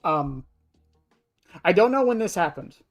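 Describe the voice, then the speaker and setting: A streamer's medium-pitched voice swings widely as they talk, a little slowly, through an online horror game match, fielding chat with blunt, offhand remarks and free swearing. Soft music plays in the background of this casual live-stream commentary.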